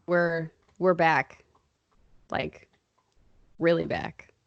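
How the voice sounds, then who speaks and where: A woman's voice: deep voice, fairly even intonation, drawn-out words, creaky, no room sound, highs cut off. A young woman co-hosting a casual chat podcast, rambling and playfully sarcastic. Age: young adult. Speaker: podcast co-host.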